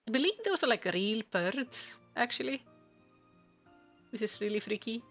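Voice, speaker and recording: Woman, from Iceland, playful, casual commentary, desk mic, high voice. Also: expressive, moderate pace, a bit bright, faint music behind. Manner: chatty, playful. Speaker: streamer.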